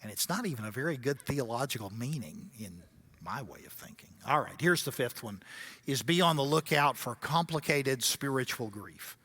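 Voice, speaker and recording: A man's voice: mid-range voice, lively intonation, normal speed, a bit bright, breathy edge. A middle-aged man giving a seminar lecture as a guest speaker, telling stories with wry asides.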